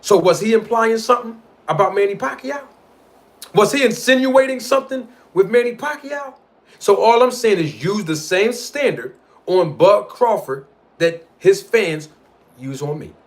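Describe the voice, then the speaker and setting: Animated, argumentative man streaming live. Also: high-pitched, moderate pace. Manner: animated, argumentative, addresses live chat directly; slangy street talk. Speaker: livestream host. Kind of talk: boxing commentary livestream.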